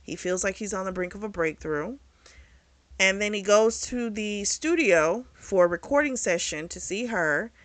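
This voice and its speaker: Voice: medium pitch, expressive, moderate pace, fairly bright tone, dry recording. A book reviewer casually retelling a novel's plot in a candid, profane, chatty way.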